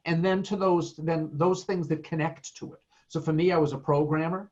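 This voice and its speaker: A man's voice: on the high side, steady tone, normal speed, a little mellow, dull audio. A middle-aged man giving earnest, emphatic career advice as a guest in a podcast interview, with plenty of fillers. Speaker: guest speaker.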